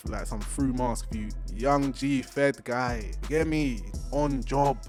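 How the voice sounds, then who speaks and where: A young man doing an animated, slang-heavy comedic recap, acting out the characters in jumpy voices. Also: takes it slowly, soft background music. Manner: animated, acts out characters with big pitch jumps. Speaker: recap host.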